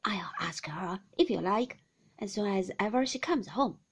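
A woman's voice: mid-range voice, expressive, unhurried, breathy edge. A woman reading aloud, voicing a middle-aged nursemaid who coaxes a child with eager enthusiasm. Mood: coaxing, eager. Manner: coaxing, enthusiastic.

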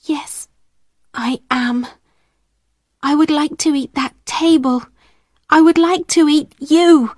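A woman reading as a gentle, hungry young girl who speaks in a soft, hushed voice with a raised, girlish lift. She talks slowly and close, with no room sound around her. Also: high-pitched, fairly even intonation, no echo, voice pushed up. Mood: weary. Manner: soft, hushed, often whispering.

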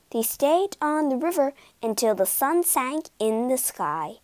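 A woman reads a children's story aloud, clear and expressive, with a high, lively voice that rises and falls widely. She takes her time over every line. The sound is dry and close. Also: unhurried, few pauses, dry recording.

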